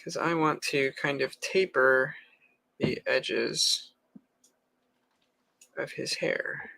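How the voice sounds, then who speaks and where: Slow gravelly man, casual stream chat. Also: medium pitch. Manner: slow, relaxed, with frequent fillers. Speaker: livestream co-host sculpting. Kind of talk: casual chat while digital sculpting.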